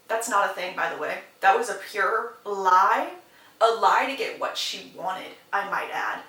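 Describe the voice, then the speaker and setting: A woman's voice: mid-range voice, measured pace, bright, forceful tone, distant mic. A young woman giving a chatty, casual plot recap with sarcastic asides. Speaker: book reviewer. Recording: roomy, slightly off-mic.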